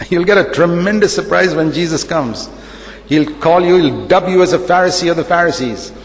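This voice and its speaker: Emphatic preacher, echoey hall. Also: male voice, a little high, normal speed. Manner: emphatic, repetitive preaching with rhetorical questions. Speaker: pastor. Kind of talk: sermon.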